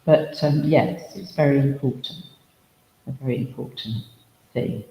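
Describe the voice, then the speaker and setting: A man's voice: mid-range voice, measured pace, dark tone. A man working as a spiritualist medium, giving a chatty, humorous demonstration at a service in a village hall. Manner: chatty and humorous, full of asides and anecdotes. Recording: echoey hall reverb, faint noise.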